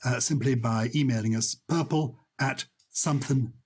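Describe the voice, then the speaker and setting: This is a man co-hosting a chat podcast. His voice is husky, with a breathy edge. He tells anecdotes in a playful, sociable way. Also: mid-range voice, moderate pace. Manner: playful, storytelling, acts out quoted lines. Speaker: podcast co-host. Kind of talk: casual chat.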